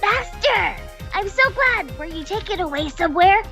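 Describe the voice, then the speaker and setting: A clingy, upbeat young man whines for his master in a visual novel voiced by players. His voice sits high and swings lively. A woman performs him. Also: moderate pace, soft background music, exaggerated voice. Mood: eager. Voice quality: whiny.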